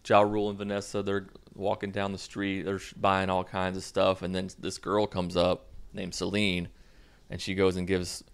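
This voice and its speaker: A man's voice: low voice, monotone, moderate pace, clean tone. A young man casually recapping a movie in a sarcastic, mocking way. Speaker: movie reviewer.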